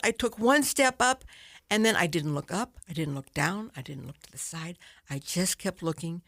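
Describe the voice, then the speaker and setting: Older woman with a gravelly voice. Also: fairly low pitch, moderate pace, no echo, studio quality. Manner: animated storyteller, acts out her own past thoughts. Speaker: guest author. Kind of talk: storytelling interview.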